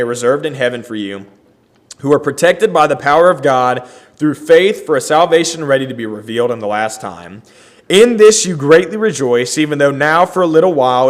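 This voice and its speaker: A man leading a Bible study, reading scripture aloud and explaining it earnestly. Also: fairly high pitch.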